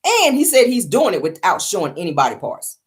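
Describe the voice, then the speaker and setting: Woman, middle-aged, livestream host, very animated pitch, loud, laughing, slangy, repetitive. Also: brisk. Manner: loud, laughing, playful slang, repeats herself. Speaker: show host. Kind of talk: animated solo livestream commentary.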